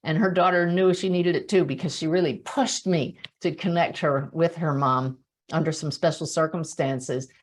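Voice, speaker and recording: A woman's voice: deep voice, normal speed. Chatty woman medium telling stories. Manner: animated, chatty, laughs often at her own stories. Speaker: spiritual medium and webinar host. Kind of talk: monthly webinar talk, storytelling.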